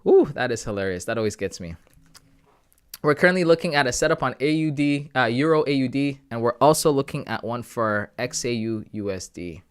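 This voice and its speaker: A young man hosting a live trading stream, thinking out loud and talking casually to his viewers. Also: mid-range voice, animated, fairly quick, clean tone. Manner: thinking aloud, talks to chat with "guys" and "bro". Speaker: trading livestream host.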